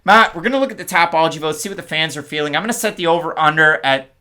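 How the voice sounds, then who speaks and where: Male podcast co-host, bright tone, casual stat-heavy fight talk. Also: a little high, animated. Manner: stat-heavy, rapid-fire breakdown.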